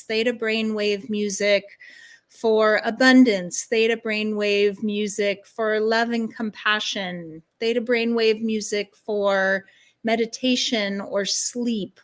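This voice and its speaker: A woman guest, a spiritual guide and life coach, answering interview questions in an earnest, soothing way, stringing ideas together in long flowing lists. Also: mid-range voice.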